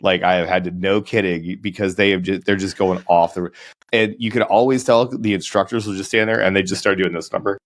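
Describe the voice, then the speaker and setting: A young man co-hosting a podcast, telling animated stories in casual chat and mimicking people he talks about. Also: a little fast. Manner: animated storytelling, mimics people in high put-on voices. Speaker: podcast co-host.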